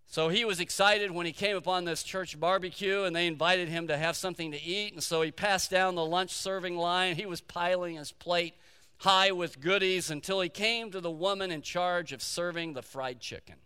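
Pastor, male, preaching in a church sanctuary; bright, forceful tone with a long echo behind. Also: high-pitched, fairly even intonation, normal speed, clear, resonant tone. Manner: storytelling preacher, repeats key phrases for emphasis. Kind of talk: sermon. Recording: long hall reverb.

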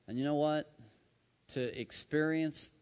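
A man's voice: a little high, fairly even intonation, unhurried, smooth. Preacher man in a reverberant hall. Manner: storytelling, swings from loud to hushed. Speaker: pastor. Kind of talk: sermon.

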